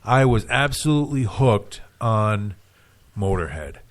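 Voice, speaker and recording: Rambling, self-deprecating radio co-host. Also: male voice, lowish voice, lively intonation, measured pace. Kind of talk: casual radio chat. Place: radio studio.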